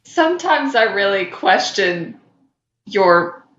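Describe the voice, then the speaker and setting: Slow, teasing woman in an echoey room. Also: mid-range voice, very animated, fairly bright tone. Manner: dry, teasing, slow-spoken. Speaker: podcast co-host. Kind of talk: casual chat. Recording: echoey, dull-sounding room mic.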